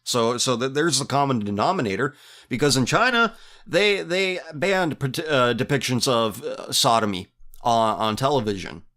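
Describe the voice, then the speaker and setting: A man's voice: mid-range voice, animated, moderate pace, a bit bright. Sarcastic man hosting a podcast. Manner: sarcastic, mocking, laughs often. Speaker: podcast host. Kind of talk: casual commentary reading listener messages.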